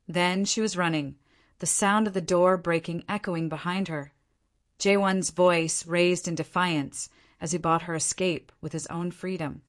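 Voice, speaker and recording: A woman narrating a scripted romance story in a dramatic, measured way. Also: on the low side.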